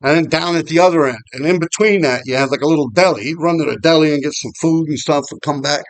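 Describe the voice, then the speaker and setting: A man's voice: a little high, fast, dry recording. A middle-aged man telling old graffiti stories in a rambling, profane, laughing way. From New York City. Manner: swears a lot, rambling, laughs often. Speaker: graffiti writer vlogger. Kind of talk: casual storytelling. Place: outdoors on a walking path.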